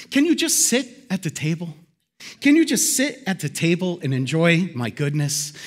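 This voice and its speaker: A pastor preaching a sermon to his congregation in a lively, conversational way. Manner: animated, conversational preaching with big swings in pitch. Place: church hall before a congregation.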